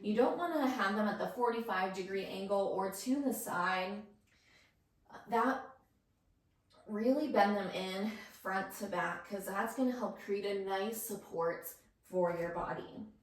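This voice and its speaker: A woman's voice: mid-range voice, measured pace. A woman teaching a yoga class, cueing each breath and pose and sounding a little out of breath. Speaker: yoga instructor. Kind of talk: guided yoga class cues. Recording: roomy echo, voice from a distance.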